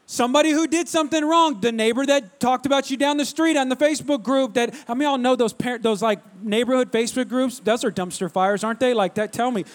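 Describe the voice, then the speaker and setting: A man's voice: very high voice, quick pace, hardly any pauses. A young adult male pastor preaching to his church, telling a self-deprecating story and speaking directly to the congregation. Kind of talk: sermon.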